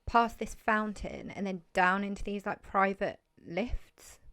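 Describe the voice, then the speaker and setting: A woman's voice: medium pitch, unhurried, fairly bright tone, clean tone. A young English woman in her twenties telling a long story in a rambling, chatty way, full of "like" and acted-out quotes. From England. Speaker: podcast host. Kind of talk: casual storytelling chat.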